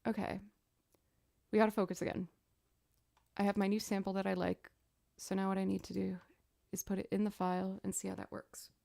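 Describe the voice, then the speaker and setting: A young woman musician chatting casually as she builds a music loop, thinking out loud and making fun of her own mistakes. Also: medium pitch, flat delivery, brisk, creaky, no room sound, clean studio sound. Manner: chatty, thinks aloud, self-deprecating. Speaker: musician streamer. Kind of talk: casual chat while producing music. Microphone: studio mic.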